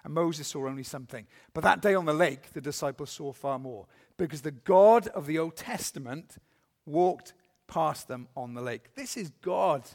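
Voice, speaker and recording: A male preacher delivering a sermon, with a slightly high voice that carries a gravelly edge. He reads scripture slowly and deliberately, then turns to the listeners with earnest questions. His voice rings out with a long reverb, as in a large church. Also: animated.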